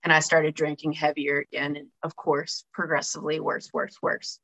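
A woman's voice: low-pitched, little pitch movement, moderate pace, a bit bright, poor audio. A woman candidly telling her own recovery story in a conversational way, often checking in with her listeners and reading aloud from a book. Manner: conversational, frequent "right?" tags and fillers. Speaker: speaker sharing a recovery story.

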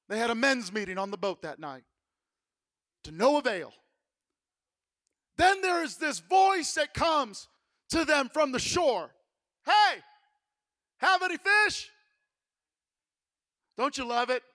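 A male pastor with a very high, bright voice preaches in a church sanctuary. He tells the story dramatically, dropping to a hush and then rising to a shout. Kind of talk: sermon.

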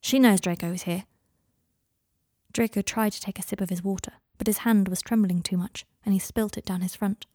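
A woman narrating a fan fiction audiobook in an even, measured way. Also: medium pitch, breathy edge, no room sound, clean studio sound.

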